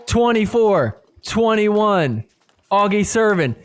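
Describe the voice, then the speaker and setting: A man hosting a podcast, giving excitable play-by-play commentary over match footage and shouting at the big points. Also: high voice, a little slow, faint music behind, some chatter behind. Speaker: podcast host.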